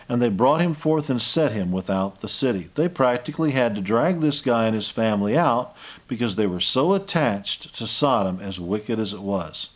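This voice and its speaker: An older man giving a Bible lesson, reading scripture and retelling the story in a folksy, storytelling way. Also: lowish voice. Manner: folksy storytelling, acts out scenes with rising voice. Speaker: Bible teacher.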